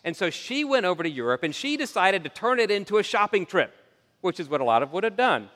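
A man preaching a sermon as pastor, telling stories in an earnest, animated way and often restarting his sentences. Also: high-pitched, fast talker. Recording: long reverb of a large hall.

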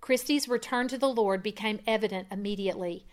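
A woman reading a first-person testimony aloud in an earnest way, growing louder at dramatic moments. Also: mid-range voice, brisk. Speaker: reader.

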